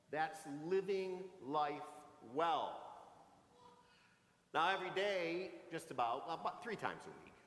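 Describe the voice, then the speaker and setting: Priest in his sixties, homily, storytelling with humor; lively, slightly high voice in a reverberant church. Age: 60s. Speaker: pastor. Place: large church sanctuary. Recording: echoey church with long reverb.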